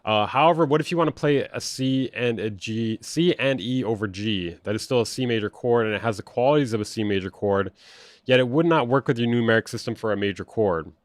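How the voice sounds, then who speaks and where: A young music producer streams casually, reacting to online drama with blunt sarcasm and frequent swearing as he breaks it down. His voice is an ordinary middle pitch, a little fast, recorded close and dry without room echo.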